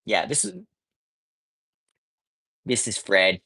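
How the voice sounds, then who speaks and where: Rambling, playful man with lively pitch. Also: normal speed, vocal fry, rough recording. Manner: rambling, playful, many restarts. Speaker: streamer. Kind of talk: casual livestream chat. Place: home with cats.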